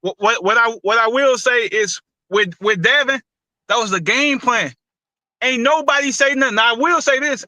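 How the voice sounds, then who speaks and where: A man's voice: very high-pitched, sharp tone, no echo, low-quality recording. A man hosting a casual boxing talk show, loose and opinionated, with a lot of slang and repeated words. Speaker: boxing podcast host.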